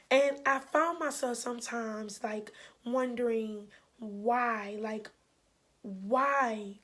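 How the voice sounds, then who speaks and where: A woman, telling a personal story in a candid, animated way and voicing the people she quotes. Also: a little high. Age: 20s. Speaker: vlogger. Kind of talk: emotional storytime.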